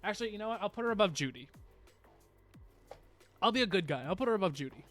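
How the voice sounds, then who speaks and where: A man's voice: high-pitched, animated, quick pace, a bit bright, soft background music. A man streaming live, chatting casually and rambling to his viewers with frequent laughs.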